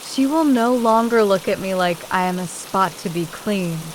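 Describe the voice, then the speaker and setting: A woman reading a first-person audiobook in a slow, measured, even way. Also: medium pitch, a little hiss or hum, low-quality recording. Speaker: audiobook narrator. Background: soft rain sound.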